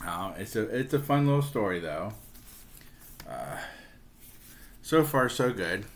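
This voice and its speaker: Low-voiced man rambling about comics. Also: expressive, slow pace. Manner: chatty and rambling, with many fillers and restarts. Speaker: comic book collector. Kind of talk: casual show-and-tell vlog.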